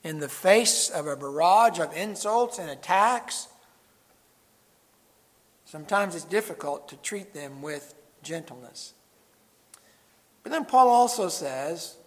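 A man preaching a sermon to his congregation, swinging between loud emphatic lines and quiet low asides. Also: measured pace, big-room sound. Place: church sanctuary.

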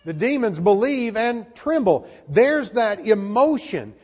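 Guy preaching a sermon, pretty high voice, keeps restarting words, echoey big hall. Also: big pitch swings, slow, a little mellow, husky. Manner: earnest, frequent word repeats and restarts. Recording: long reverb of a large hall.

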